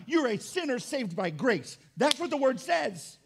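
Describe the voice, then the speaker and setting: A man preaching a sermon as pastor, emphatic and rising to shouts. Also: very high-pitched, very animated, unhurried, creaky, breathy edge.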